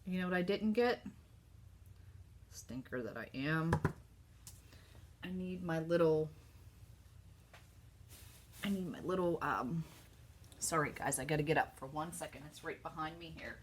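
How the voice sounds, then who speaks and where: A woman with a Southern US accent hosting a casual live craft demo, chatty and excitable as she talks to her viewers. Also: low voice, unhurried, long pauses, a little hiss or hum. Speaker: craft host.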